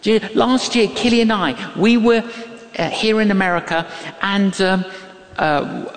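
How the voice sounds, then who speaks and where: A man's voice: sits high, unhurried. An older man preaching a sermon, telling stories and acting out the voices of people in them with emphasis. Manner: animated, emphatic, acts out quoted voices. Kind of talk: sermon with storytelling. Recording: long reverb of a large hall.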